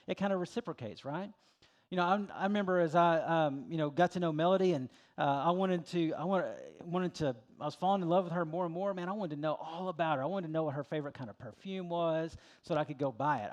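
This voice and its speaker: A man's voice: fairly high pitch, a little mellow. A middle-aged man preaching a sermon as pastor, in a folksy, conversational way with plenty of filler words.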